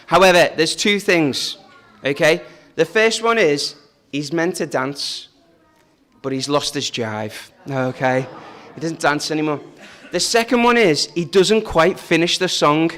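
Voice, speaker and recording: A man's voice: on the high side, measured pace, a bit bright. A man leading a family church service, talking in a chatty, joking way and asking the children questions. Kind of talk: informal family service talk.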